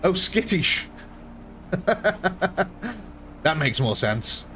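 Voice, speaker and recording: A man's voice: fairly high pitch, sing-song, extremely slow, bright, forceful tone, slight background noise. A young man with a northern English accent, chatting on a live stream, answering viewers by name and laughing often. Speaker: game streamer. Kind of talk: live-stream chat and commentary.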